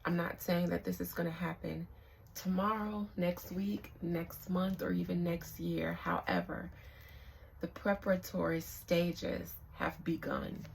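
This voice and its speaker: Slow, gravelly-voiced woman tarot reader. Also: on the low side, little pitch movement, a little hiss or hum. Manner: slow, halting, hushed invocations. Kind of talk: casual spiritual reading. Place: outdoors.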